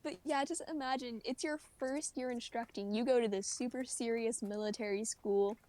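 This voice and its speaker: A woman telling a story on a livestream, animated and often laughing, acting out what people said. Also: on the high side, normal speed, no room sound. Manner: animated, laughing, acts out quoted voices. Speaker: streamer.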